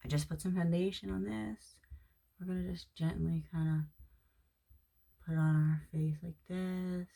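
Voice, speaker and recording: Low-voiced woman chatting through makeup. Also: steady tone, moderate pace, creaky, long pauses. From Florida. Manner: chatty, talks to a friend while doing makeup, drops to soft whispers at times. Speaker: makeup vlogger. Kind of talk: casual makeup tutorial chat. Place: at home during quarantine.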